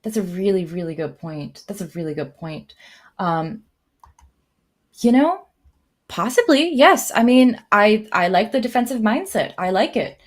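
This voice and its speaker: A woman giving live commentary on a board game, thinking aloud with many fillers and lively jumps in her voice. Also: medium pitch, unhurried. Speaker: tournament commentator.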